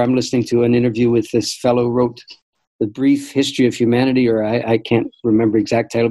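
An older man speaks as an interview guest in a warm, mellow voice at a mid pitch. He tells stories reflectively and measuredly, often restarting his sentences. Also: rough recording. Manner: thoughtful, measured, frequent restarts. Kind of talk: reflective storytelling conversation.

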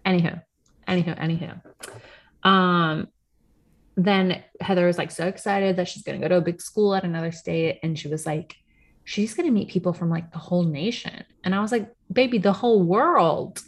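A woman's voice: fairly low pitch, fairly quick. A young adult woman co-hosting a podcast in casual chat, sarcastic, laughing often and swearing freely. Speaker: podcast co-host.

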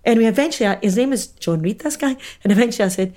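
A middle-aged woman with a Scottish accent, chatting and telling lively stories, acting out other people's lines. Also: a little high, very fast, few pauses. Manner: animated storyteller, doing voices. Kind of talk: casual chat. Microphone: video call.

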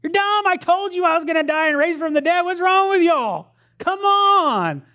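A woman voicing a brash, mocking male figure who scolds loudly in an exaggerated, high-pitched way. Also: sing-song, measured pace, husky, heavily acted. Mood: scolding. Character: brash mocking preacher's Jesus, scolding man.

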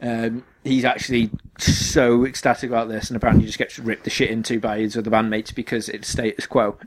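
A young man co-hosting a podcast in casual chat, excitable and rambling, with many restarts and fillers. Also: mid-range voice, brisk, few pauses, heavy background noise. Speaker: podcast co-host.

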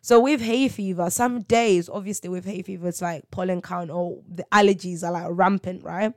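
Animated young woman podcasting, dry close sound. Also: lowish voice, moderate pace, no echo. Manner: animated, laughing, dramatic storytelling. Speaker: podcast host. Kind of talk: casual faith podcast chat.

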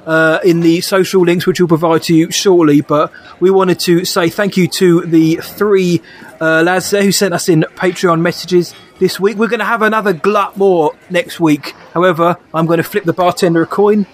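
A man's voice: high-pitched, steady tone, moderate pace. A man co-hosting a podcast in casual chat, hesitant with fillers and laughing often. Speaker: podcast co-host.

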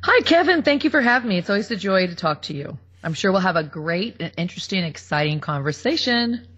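A woman's voice: medium pitch, big pitch swings, a little fast, a bit bright, slightly rough, lo-fi sound. A woman guest on a radio talk show, talking in a chatty way and laughing often. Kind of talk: casual interview.

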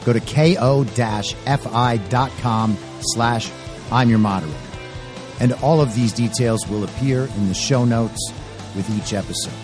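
A man's voice: mid-range voice, measured pace, music in the background. A man hosting a political commentary podcast, talking in a blunt, emphatic and opinionated way into a close microphone. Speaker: podcast host.

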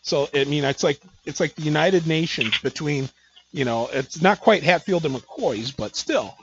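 A man's voice: fairly high pitch, moderate pace, muffled recording, noisy background. A man hosting a podcast interview, chatting casually and rambling through stories with lots of fillers. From Midwest United States. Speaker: podcast host.

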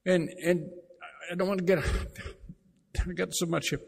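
A man preaching a sermon, emphatic, repeating key phrases and slowing down to read scripture aloud. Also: high voice, steady tone, creaky, breathy edge. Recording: long reverb of a large hall.

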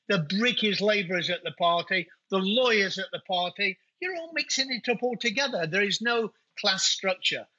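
A man's voice: sits high, sharp tone, slightly rough. A middle-aged man from England with a Nottingham accent, chatting as an interview guest about his business, his speech full of uh fillers. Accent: English, Nottingham. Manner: chatty, anecdotal, frequent uh fillers. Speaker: guest, winery owner. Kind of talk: casual interview chat. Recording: dull lo-fi audio.

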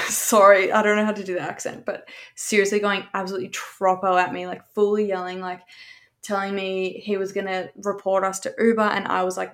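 A young Australian woman tells a long story, looping back and piling up asides as she goes. Her pitch sits in an ordinary middle range. She swears casually and keeps the tone loose and chatty. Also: flat delivery, brisk, vocal fry. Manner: rambling, chatty, sprinkled with swearing.

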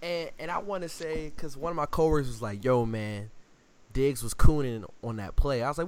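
Smooth-voiced man telling sports stories. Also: mid-range voice, brisk. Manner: animated storytelling, acts out quotes with slang. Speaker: podcast co-host. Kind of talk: casual sports podcast chat.

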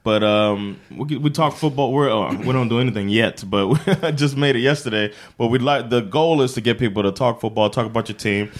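A man's voice: medium pitch, brisk, hardly any pauses. A man co-hosting a podcast, chatting in an enthusiastic, filler-heavy way. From Sweden. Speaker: podcast co-host. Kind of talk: casual chat.

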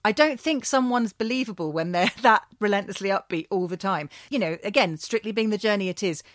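British woman co-host, wry and chatty, mid pitch, dry close sound. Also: a little fast, no echo. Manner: chatty, wry, laughs often. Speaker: podcast co-host. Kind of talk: casual chat.

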